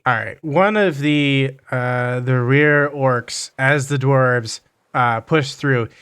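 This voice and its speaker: Acting as game master, a man narrates a tabletop game, halting with fillers and restarting his sentences. His voice is mid-range, smooth, and fairly bright in tone.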